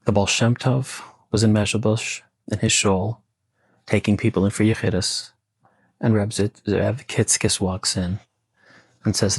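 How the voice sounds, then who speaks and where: A man telling a story in a casual, conversational way with asides, his voice gravelly and husky. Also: fairly low pitch, level tone, a little slow, dry recording. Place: bungalow colony.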